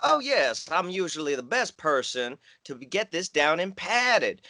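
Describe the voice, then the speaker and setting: A man's voice: a little high, sing-song, unhurried, bright, forceful tone, dry recording, full character voice. A man playing a rambling, gun-loving Southern job candidate in a comedy sketch, speaking with a Southern US accent and odd formal wording over a video call.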